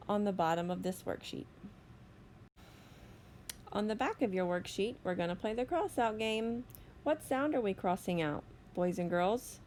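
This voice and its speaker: A woman teacher giving a slow, deliberate phonics lesson to young children, stretching out each sound. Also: mid-range voice, a little mellow, slight background noise. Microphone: recorded voice-over for a whiteboard lesson video.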